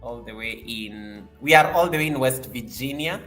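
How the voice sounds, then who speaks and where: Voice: mid-range voice, moderate pace, fairly bright tone, faint music behind. A host chatting casually on a live stream, joking and laughing along with the guest.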